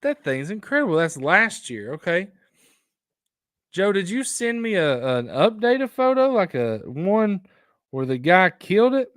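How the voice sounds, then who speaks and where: A man hosting a casual outdoors live stream, rambling and excitable as he reacts to viewer photos. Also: sits high, unhurried, no room sound, studio quality. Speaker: outdoors show host.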